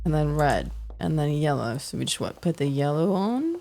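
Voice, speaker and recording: A woman's voice: deep voice, very animated, normal speed, gravelly, mellow. A young woman streaming a horror game, exasperated and sarcastic, talking to her chat. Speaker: gaming streamer. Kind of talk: let's-play commentary.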